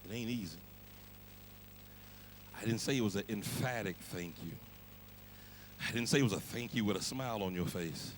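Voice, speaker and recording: A male pastor preaching a sermon, moving from quiet, pleading passages to shouted, half-sung climaxes, with a Black church cadence. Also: lowish voice, moderate pace, long pauses, a little hiss or hum, low-quality recording.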